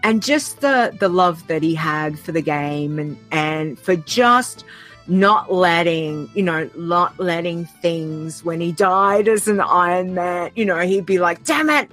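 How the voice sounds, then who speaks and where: A woman's voice: lowish voice, fairly even intonation, slow pace, fairly bright tone, faint music behind. An Australian woman talking heartfelt and earnest as a podcast guest, often trailing off and restarting her sentences. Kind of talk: casual podcast conversation.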